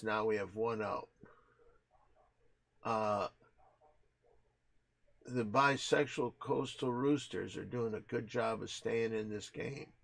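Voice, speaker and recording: A man hosting a casual show, joking crudely and breaking into mock play-by-play with loud excited calls. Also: fairly low pitch, slow pace, vocal fry, pauses often. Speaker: podcast host.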